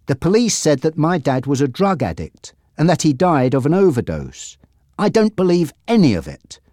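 Brief: a man playing an earnest young man, pitched up, slow and pleading, dry. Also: sing-song, darkish tone, no room sound. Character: earnest young man seeking truth about father.

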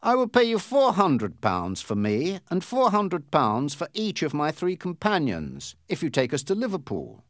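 A man doing a calm, formal English gentleman. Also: a little high, measured pace, few pauses, no echo, studio quality, pitched above the performer's own voice.

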